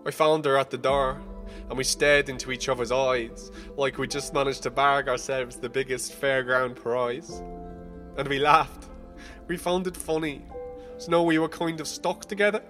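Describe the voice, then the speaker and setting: A young man narrating a rhyming spoken-word story, casual and profane, moving between hushed and heated. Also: mid-range voice, fairly even intonation, normal speed, faint music behind. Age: young adult.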